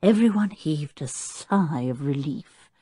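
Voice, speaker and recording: Expressive woman reading a storybook. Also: deep voice, slow, slightly rough, no room sound, clean studio sound. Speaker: audiobook narrator. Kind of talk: scripted storybook narration.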